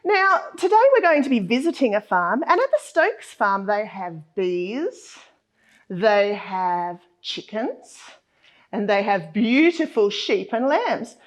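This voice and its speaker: A woman's voice: medium pitch, expressive, takes it slowly. A woman teacher, hosting a preschool morning and talking to small children in a sing-song, encouraging way. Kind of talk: cheerful talk to small children.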